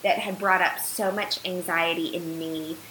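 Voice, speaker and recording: Bright-voiced woman telling a personal story. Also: lowish voice, a little slow, slight background noise, low-quality recording. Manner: earnest, animated retelling with filler words. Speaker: podcast guest.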